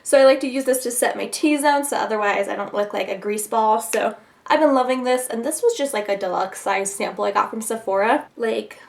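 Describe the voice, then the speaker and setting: A woman vlogger talking through her makeup favourites in a light, slightly high voice. She rambles casually with plenty of fillers and little laughs. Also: a little fast, vocal fry. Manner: chatty, giggly, with many fillers. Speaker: beauty vlogger. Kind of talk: casual product review to camera.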